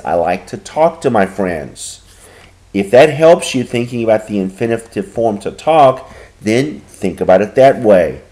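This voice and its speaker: A man gives a recorded grammar lesson, patient and methodical, slowing down to spell out each example. His voice sits low and mellow, and he talks into a computer mic over a screen recording. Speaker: Spanish teacher.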